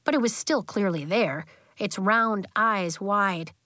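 A woman narrating a children's novel as an audiobook in a gentle, even storytelling manner. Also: medium pitch, slow, no echo, clean studio sound.

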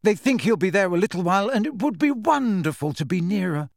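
A man reading aloud, voicing a tired, grateful middle-aged mother who speaks weakly and softly. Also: fairly high pitch, very animated, moderate pace, no echo, clean studio sound. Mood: warm. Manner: weak, tired and soft-spoken.

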